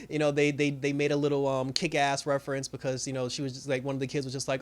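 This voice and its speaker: Guy rattling off a tv episode recap, quick and rambly, lots of "you know". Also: mid-range voice, monotone. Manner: rambling retelling with many fillers. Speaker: TV show reviewer.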